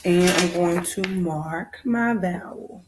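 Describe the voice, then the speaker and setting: A woman's voice: lowish voice, takes it slowly, noisy background. A woman first grade teacher with a Southern American accent, patiently walking young children through a phonics lesson and repeating her instructions.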